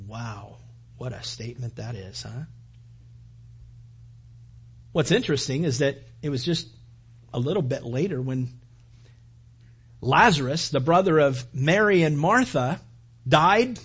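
A man's voice: high-pitched, animated, normal speed, long pauses, fairly bright tone, breathy edge. A man preaching a sermon, retelling scripture in a conversational storytelling way and acting out quoted lines. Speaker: pastor.

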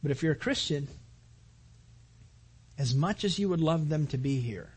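A man preaching a sermon as a pastor, earnest, repeating his phrases and building to loud emphatic peaks. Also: a little high, animated, moderate pace, husky.

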